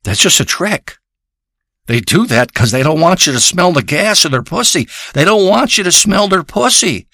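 Crude ranting comic, male, high bright tense voice, dry close sound. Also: dry recording. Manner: ranting, paranoid and crude, rambling. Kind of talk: profane comedic rant monologue.

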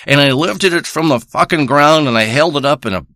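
A man's voice: a little high, fairly quick, pushed and bright, dry recording, clean studio sound. A man playing a crude, rambling male treasure hunter who boasts and swears through a comic monologue. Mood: boastful. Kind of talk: improvised comic character monologue.

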